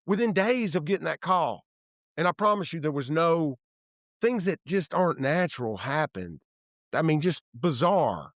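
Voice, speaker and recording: A man's voice: on the high side, normal speed, no echo, clean studio sound. A man in his fifties from Tennessee, a guest in an interview, telling candid stories and acting out the people he quotes, often trailing off and restarting. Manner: animated storyteller who acts out quoted dialogue, trails off and restarts. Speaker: guest, real estate developer. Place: office room.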